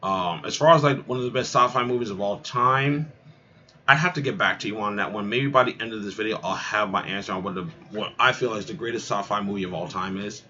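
A man's voice: on the low side, fairly quick, pushed and bright, muffled recording, a little hiss or hum. A man hosting a casual video, reading movie opinions aloud and reacting in a rambling way, full of fillers and repeated words.

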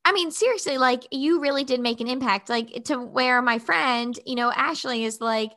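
A woman's voice: high-pitched, normal speed, sharp tone. A woman hosting a casual interview who gushes with praise, her talk full of "like" and restarts. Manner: effusive, gushing praise, lots of "like". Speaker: host.

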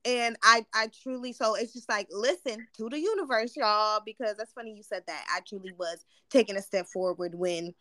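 A woman's voice: medium pitch, moderate pace, hardly any pauses, pushed and bright, no echo, studio quality. A woman talking as a podcast guest, candid and reflective, with casual swearing. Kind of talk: casual chat.

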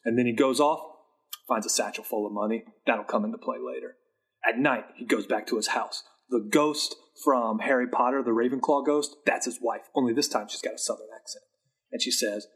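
A man, the new guest on a podcast, giving a jokey, rambling, deadpan movie recap in a casual chat. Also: medium pitch, fairly quick, husky.

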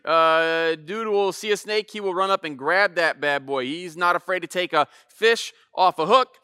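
A man, a pastor in his thirties, telling a casual, animated sermon story and acting out voices. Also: sits high, clean tone, dry recording, clean studio sound.

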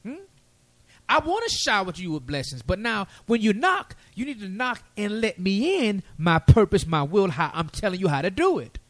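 A man preaching a sermon, lively and folksy with casual asides. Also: sits high, normal speed, dry recording.

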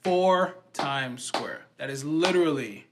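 A man trades laid-back, slangy banter in a casual group podcast. His voice is a touch high, and a faint hiss sits under the recording. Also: slow.

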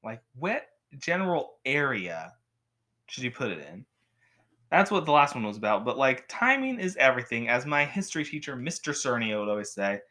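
A young man reviewing a show at home in a rambling, animated way, with frequent restarts. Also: mid-range voice, moderate pace. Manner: rambling, animated, with many restarts and acted quotes. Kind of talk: casual talk to camera. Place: home with a cat.

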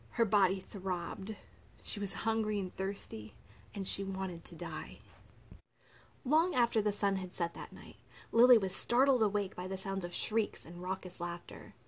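A woman narrating a novel as an audiobook reader, in an even, clear reading voice. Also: on the low side.

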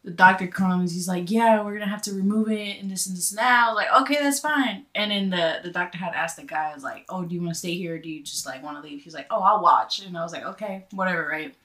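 A young woman, a guest on a chat show, telling a story in a casual, animated way, full of fillers and swearing. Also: lowish voice, fast talker, hardly any pauses. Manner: animated, profane storytelling with lots of "like".

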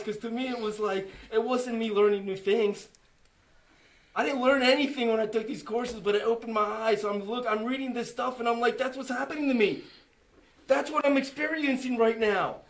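This man's voice is pitched extremely high and sounds a bit bright. He is giving an emotional personal testimony to a church group, speaking earnestly and restarting often, and he acts out his own remarks and other people's as he tells the story.

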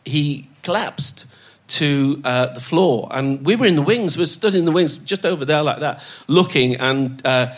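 An older man spins stories as a podcast guest. His voice sits a little high, and he laughs his way through the tales while putting on the voices of the people in them. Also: expressive, moderate pace. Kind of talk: anecdotal storytelling.

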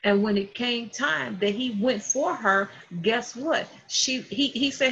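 A woman preaching a sermon with animated delivery, acting out the people in her stories. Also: on the high side, takes it slowly, few pauses. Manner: animated, acts out quotes in voices. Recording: dull lo-fi sound.

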